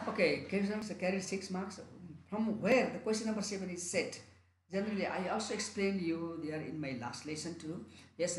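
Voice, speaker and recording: A male teacher with a Nepali accent walks students through exam questions, circling back and repeating phrases as he goes. His voice sits a little high, and the room gives it a noticeable echo with a faint hum of ambience behind. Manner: repetitive, restarts and rephrases often. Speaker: English teacher. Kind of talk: online exam-prep lesson.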